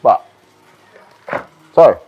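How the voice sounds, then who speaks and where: Speaking to the camera in a laid-back vlog, this bodybuilder and coach explains things loosely, full of ums and repeated words. He draws out his words, and the muffled recording has soft music playing in the background.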